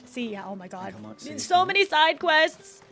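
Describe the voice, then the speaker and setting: A woman streamer giving excitable, giggly, casual commentary on a game she is playing. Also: sits high, unhurried, music in the background. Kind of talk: live let's-play commentary.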